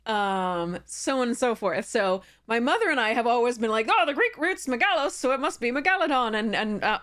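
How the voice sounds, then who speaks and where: A young adult woman chatting casually on a live stream. She rambles and restarts her sentences, filling the gaps with ums. Her voice sits at a middle pitch.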